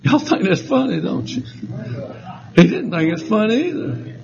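A man's voice: high-pitched, very animated, moderate pace, gravelly, dull audio, noisy background. A man with a Southern US accent preaching a folksy sermon, telling homespun stories with a drawl and chuckles.

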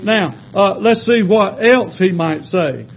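A man's voice: high-pitched, animated, slow, gravelly, a little hiss or hum, low-quality recording. A man preaching a sermon with fervent rhetorical questions and repeated calls of amen.

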